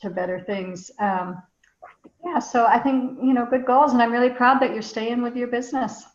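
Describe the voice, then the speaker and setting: A woman's voice: on the high side, fairly even intonation, normal speed. A woman on a video call giving heartfelt, affirming feedback, moved almost to tears. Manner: warm, affirming, emotional. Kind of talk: casual group video call. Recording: echoey room, dull video call audio.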